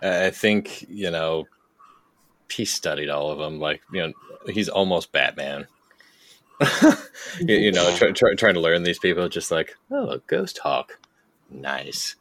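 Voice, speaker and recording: Very deep-voiced, rambling male player. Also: a little slow, long pauses, fairly bright tone, no echo. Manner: rambling, with many "you know"s. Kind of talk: playing a tabletop game.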